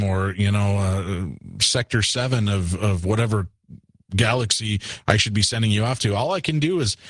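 A man hosting a late-night call-in radio show, talking in a measured, patient way with frequent fillers. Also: fairly low pitch, no room sound, clean studio sound. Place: radio studio. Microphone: studio microphone.

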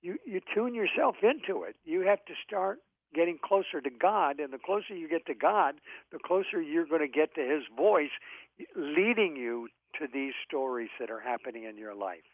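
A man's voice: on the high side, expressive, normal speed, no room sound. A man guest speaking earnestly and reflectively in a radio interview, with some hesitations. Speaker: guest author. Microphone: telephone. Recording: tinny phone line.

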